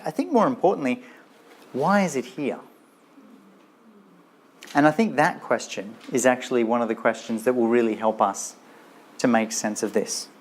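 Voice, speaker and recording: Male lecturer, lively storyteller asking the audience questions. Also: fairly high pitch. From Australia. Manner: animated storytelling with rhetorical questions and playful asides. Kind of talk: Bible lecture.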